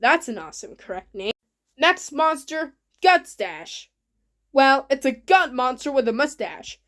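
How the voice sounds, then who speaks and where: A woman with a high voice narrates her own video in a loose, casual way. She sounds eager and keeps her phrasing simple and repetitive. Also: big pitch swings, unhurried, fairly bright tone. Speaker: channel host.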